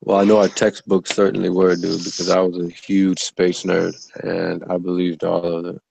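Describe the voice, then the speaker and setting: A man with a very low, gravelly voice jokes and mocks his critics in loose banter. A faint hiss of noise sits underneath. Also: monotone, normal speed, a little mellow, low-quality recording. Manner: mocking, joking banter. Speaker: co-host. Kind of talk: casual chat.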